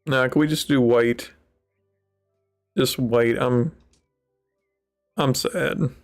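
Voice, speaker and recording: A man with a gravelly, fry-tinged voice talks slowly through a casual game session. He rambles wryly and plays up his disappointment in mock-dramatic fashion. Soft game music plays faintly behind him. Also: medium pitch, steady tone. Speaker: gaming channel host. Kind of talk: casual let's-play commentary.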